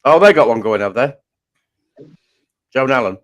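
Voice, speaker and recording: A man's voice: mid-range voice, lively intonation, moderate pace, fairly bright tone. Easygoing man chatting on a stream. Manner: easygoing, hesitant with ums. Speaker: co-host. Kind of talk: casual chat on a live stream.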